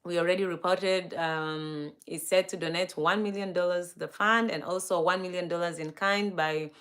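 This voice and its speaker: A woman's voice: lowish voice, steady tone, normal speed, fairly bright tone. Woman, livestream host, casual news chat, upbeat and chatty, greets her viewers. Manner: upbeat, laughs between items.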